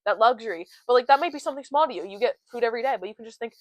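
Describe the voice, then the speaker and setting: Earnest young woman, bright-voiced faith chat. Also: fairly high pitch, rapid-fire, few pauses, dry recording, rough recording. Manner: earnest, chatty, retells Bible stories with lively quoted voices. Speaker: podcast co-host.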